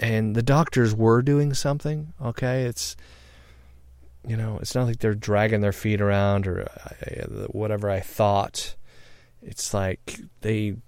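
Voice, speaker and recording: A middle-aged man telling a personal story in a halting, reflective way, pausing often and getting loud at tense points. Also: lowish voice, no echo, studio quality. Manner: halting, reflective, with many pauses and fillers; grows loud and excited when recounting tense moments.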